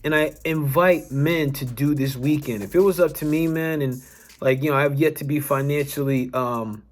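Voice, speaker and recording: A man's voice: on the high side, moderate pace. A young adult man, a wellness coach, telling a personal story to camera in an earnest, emphatic way, restarting sentences and swearing now and then.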